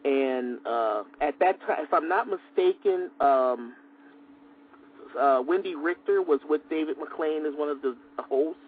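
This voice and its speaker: A man's voice: on the high side, unhurried. Hesitant male caller on a phone line. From Chicago area. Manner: hesitant, full of fillers. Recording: tinny phone line with faint hiss.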